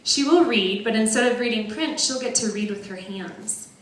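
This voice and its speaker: A young woman from northern Wisconsin, a parent giving an earnest, measured prepared speech at a benefit dinner in a large banquet hall. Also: on the high side. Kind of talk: prepared speech read aloud.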